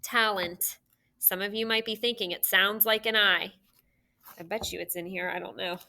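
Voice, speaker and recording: A woman's voice: mid-range voice, steady tone, normal speed, sharp tone. A woman teacher giving a recorded phonics lesson to young children, patiently sounding out syllables and asking questions.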